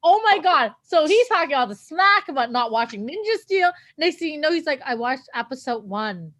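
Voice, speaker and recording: A woman's voice: extremely high pitch, expressive, a little fast, a bit bright. A woman co-hosting a podcast, chatting in an enthusiastic, talkative way. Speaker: podcast co-host. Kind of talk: casual chat.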